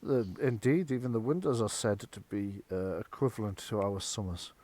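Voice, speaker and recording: A man's voice: lowish voice, lively intonation, normal speed, dark tone. A man voicing a gracious noblewoman, the wife of a tower's master, speaking formally and courteously with small hesitations.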